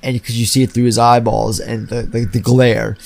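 Gravelly man ranting about a film. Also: medium pitch, moderate pace. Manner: animated, profane, acts out scenes. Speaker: podcast co-host. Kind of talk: casual film review chat.

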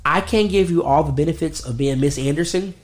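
A man's voice: a little high, brisk. A man giving blunt, opinionated views in a casual podcast chat.

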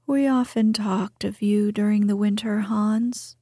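A woman's voice: mid-range voice, fairly even intonation, unhurried, warm tone, no echo, studio quality. A woman voicing a selfish, self-satisfied miller who lectures, in whispered role-play. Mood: smug.

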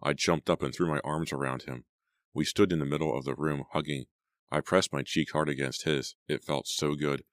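A man narrating an audiobook in a measured, even storytelling manner. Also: very deep voice, no echo, studio quality. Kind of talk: scripted narration.

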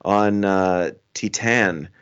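A lower-voiced man with a Canadian accent chats as a podcast guest in a friendly, rambling way. The recording sounds dull and lo-fi. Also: very slow, a bit bright. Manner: friendly, rambling, laughs easily. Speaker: podcast guest, film critic. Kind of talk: casual podcast chat.

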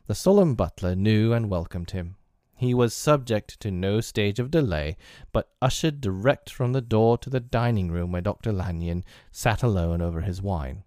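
A man narrating a classic novel as an audiobook in a measured, deliberate reading. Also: fairly low pitch, a little mellow, no echo, studio quality.

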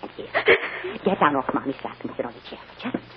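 Brief: a gentle, emotional young mother, 1940s radio style, expressive pitch. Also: fast talker, highs cut off. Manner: soothing, emotional, tearful at times. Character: tender, anxious young mother. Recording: scratchy old radio recording, hiss.

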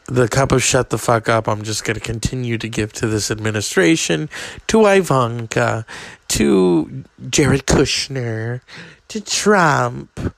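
A man hosting a podcast who rambles slowly and sardonically, swearing freely. His voice has a gravelly fry, and the sound is dry and close. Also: medium pitch, fairly bright tone, dry recording. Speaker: podcast host.

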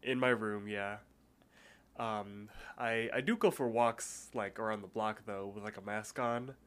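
A man's voice: on the low side, fairly even intonation, measured pace, a bit bright, smooth. A man co-hosting a podcast in casual chat, with a stuffy, blocked nose and a rambling way of talking. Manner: rambling, lots of fillers and restarts. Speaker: podcast co-host.

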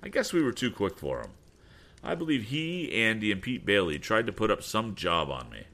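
A man's voice: lowish voice, very animated, normal speed, sharp tone, voice pushed up. A man voicing a stern young male inventor in a storybook reading. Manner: stern, commanding.

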